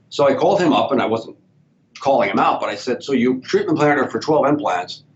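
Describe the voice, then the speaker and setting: A man's voice: expressive, a little fast. Man telling stories, slightly dull recording. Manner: storytelling, acts out patient dialogue. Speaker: dentist and professor, guest. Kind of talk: casual podcast interview. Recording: slightly dull sound with faint rumble.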